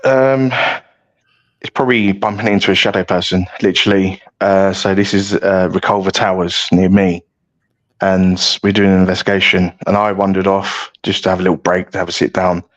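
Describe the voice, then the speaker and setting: A British man speaking as a podcast guest, with a fairly low voice. He tells rambling stories in a loose, self-mocking way and often stops and restarts his sentences. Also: little pitch movement, moderate pace, low-quality recording. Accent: British English. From United Kingdom. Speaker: guest paranormal investigator. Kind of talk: casual storytelling chat.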